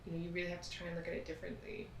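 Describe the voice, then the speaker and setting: A woman's voice: lowish voice, very fast, vocal fry, noisy background. A woman in a casual group conversation, speaking earnestly and expressively. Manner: earnest, expressive, quotes others in mock voices. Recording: echoey room from a distance.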